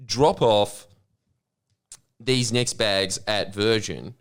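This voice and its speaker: Rambling man with a lowish voice. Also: drawn-out words, clean tone. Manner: rambling, self-mocking, laughs often. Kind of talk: casual storytelling chat.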